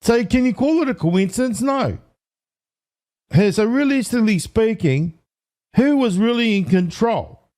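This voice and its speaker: A man hosting an online commentary video, talking excitably to viewers, counting aloud and correcting himself as he goes. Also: high voice, unhurried. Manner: excitable, addresses viewers as ladies and gentlemen. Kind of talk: casual commentary to camera.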